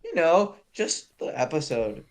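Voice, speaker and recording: A man co-hosting a TV aftershow in casual chat, making dry, deadpan quips. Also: fairly high pitch, measured pace. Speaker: aftershow co-host.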